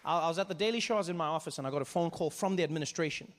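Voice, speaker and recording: A male stand-up comedian from Africa telling a story in an animated way, his voice climbing into frantic high bursts. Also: racing, a little hiss or hum.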